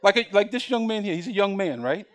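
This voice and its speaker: A male preacher giving a lively, humorous sermon in church, acting out scenes and calling someone up from the congregation. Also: high voice, fast talker. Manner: animated, jokey, acts out scenes, calls up a boy from the congregation. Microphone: recorded on camera for broadcast.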